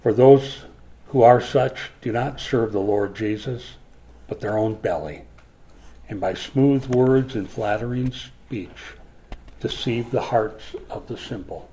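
A man from Minnesota preaching a sermon as a pastor, emphatic and swinging from forceful lines to hushed ones. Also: mid-range voice, takes it slowly, slight background noise. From Minnesota, USA.

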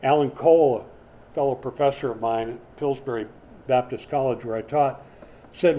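A man delivering a sermon in a relaxed, chatty manner, his voice mellow and warm. He repeats words as he works up to a point and swings suddenly into dramatic emphasis. A faint hiss sits under the recording. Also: mid-range voice, normal speed. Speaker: preacher. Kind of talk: expository sermon.

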